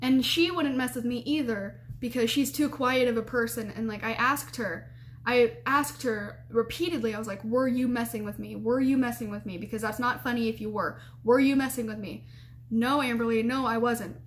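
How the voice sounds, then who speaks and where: Slight background noise sits behind this young adult woman's fairly high voice as she speaks at a normal speed. A college student, she casually recounts something that happened to her, full of laughter and lively, raised-voice impressions of what others said.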